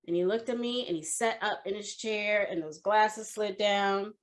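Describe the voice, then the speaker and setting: A woman in her forties, a coach, telling a personal story in an expressive, animated way at an online summit. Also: mid-range voice, normal speed, hardly any pauses.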